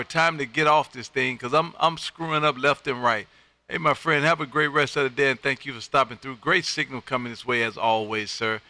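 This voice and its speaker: A man from Texas, making ham radio contacts on a live stream from his radio room, loud, upbeat and quick to laugh. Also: mid-range voice. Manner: loud, upbeat, laughs often, friendly drawl.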